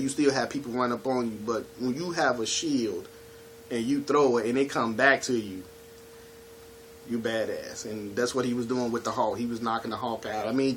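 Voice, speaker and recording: A man's voice: mid-range voice, a little hiss or hum. Laid-back chatty man reviewing his collection. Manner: laid-back, chatty, keeps saying "you know what I'm saying". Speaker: home video collection reviewer. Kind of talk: casual video review.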